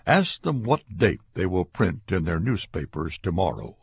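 A man narrating a scripted radio meditation in a measured, deliberate, stately way. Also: low voice, very animated, vocal fry, breathy edge, no echo. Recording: dull lo-fi radio broadcast.

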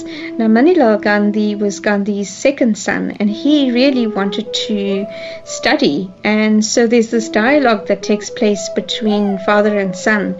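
A woman's voice: mid-range voice, lo-fi sound. A woman speaking as a historian in a documentary interview, explaining in a conversational way with many fillers and restarts. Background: music.

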